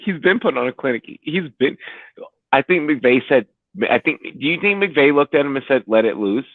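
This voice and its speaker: A man from D.C. co-hosting a live football watch-along, excitable and swearing. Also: a little fast, no room sound. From Washington, D.C. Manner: excitable, swearing, bursts into high yelps. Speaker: podcast co-host. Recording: dry, phone-like line.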